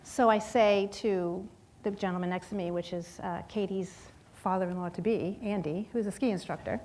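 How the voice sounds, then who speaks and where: A woman in her fifties telling a lively personal story in a sermon, acting out voices and laughing often. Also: medium pitch, normal speed. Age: 50s. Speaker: guest speaker at a church service.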